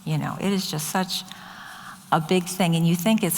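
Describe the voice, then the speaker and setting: A woman's voice: lowish voice, measured pace. An older woman, a nurse, telling true stories from her work in a casual, anecdotal way, quoting people as she goes. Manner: anecdotal, quotes others in lively voices. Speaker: nurse and speaker. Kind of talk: storytelling talk. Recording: long hall reverb.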